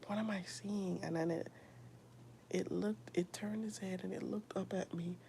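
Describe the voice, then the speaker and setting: A young woman giving a whispered personal testimony, soft and halting, with a gravelly edge. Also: medium pitch, steady tone, slight background noise. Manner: soft, often whispered, halting with many fillers. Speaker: streamer sharing a personal testimony.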